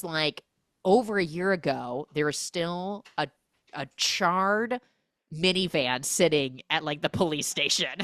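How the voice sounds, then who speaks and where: A woman hosting a podcast, recapping a film with comic energy and acting out the characters' lines in quick voices. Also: lowish voice, expressive, fairly bright tone, dry recording, studio quality. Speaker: podcast host.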